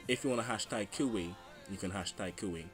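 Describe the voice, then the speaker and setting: A low-pitched man reads a history narration, then rambles through an earnest, jokey sign-off. Faint music runs quietly under his voice. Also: moderate pace. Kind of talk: read history narration and casual outro.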